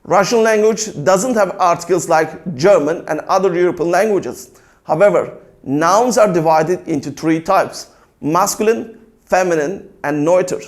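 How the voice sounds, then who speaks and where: A man with a notably high voice delivers a scripted language lesson. He recites vocabulary slowly and deliberately, pausing after each word, then moves into calm, orderly grammar explanations. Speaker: language teacher.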